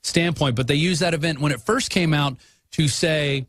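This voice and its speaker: A man hosting a political talk radio show, arguing his points with quick asides and frequent fillers. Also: a little high, a bit bright, a little hiss or hum.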